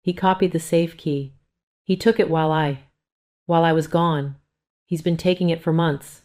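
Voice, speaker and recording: A woman's voice: sits low, fairly even intonation, normal speed, a little mellow, lightly acted. A woman voicing a tearful grown daughter who pleads with her mother, in an audio story.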